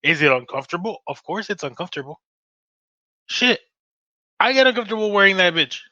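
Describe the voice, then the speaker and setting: Ranting, profane young American host. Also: male voice, sits high, expressive, brisk, sharp tone, dry recording. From United States. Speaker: podcast host. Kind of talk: casual podcast chat. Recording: dull, lo-fi sound.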